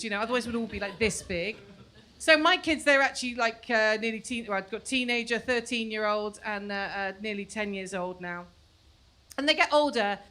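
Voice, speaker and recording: A woman in her forties working a stand-up crowd, her voice high and bright. She talks in a chatty, self-mocking way and jumps into shrill impressions of her children. Faint room ambience sits behind her on the stage mic. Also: slight background noise. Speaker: stand-up comedian. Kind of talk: stand-up comedy set. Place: comedy club stage before a live audience.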